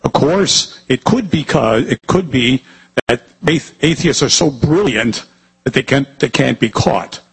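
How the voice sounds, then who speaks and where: A man in the audience puts a pointed question to a debate panel, halting and stumbling over his words. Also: mid-range voice, lively intonation, gravelly, a bit bright, husky, poor audio. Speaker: audience member asking a question.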